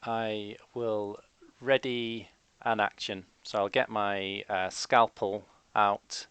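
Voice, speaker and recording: A man playing a tabletop role-playing game, describing his character's actions in a halting, hesitant way. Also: lowish voice, little pitch movement, a bit bright, smooth, no room sound. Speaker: player. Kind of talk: tabletop role-play over voice chat.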